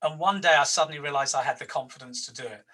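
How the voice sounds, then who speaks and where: A man's voice: fairly high pitch, fast talker, sharp tone, recorded from a distance, low-quality recording. A man in his sixties coaching an HR group, making his points through anecdotes and stressing them by repeating his words. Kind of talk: workshop facilitation with anecdotes.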